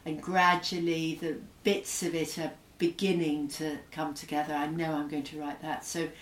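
A woman's voice: low voice, level tone, moderate pace, roomy sound, far from the mic, slight background noise. A middle-aged woman author from Scotland with an English accent, speaking thoughtfully in an interview with frequent hesitations and fillers. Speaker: author, guest. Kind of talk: reflective interview conversation.

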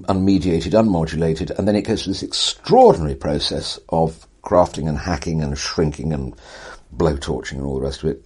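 An older man with an exceptionally deep, husky voice, speaking as an interview guest. He talks in eloquent, wry, theatrical sentences, reaching for vivid phrasing. His pacing leans on rhythm and emphasis. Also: darkish tone. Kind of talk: animated conversational storytelling.

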